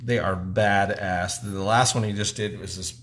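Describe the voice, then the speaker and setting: A man's voice: on the low side, fairly even intonation, moderate pace, a bit bright, a little hiss or hum. A man hosting a casual live stream, joking and teasing in slangy, laid-back talk. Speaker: host of a live drawing stream.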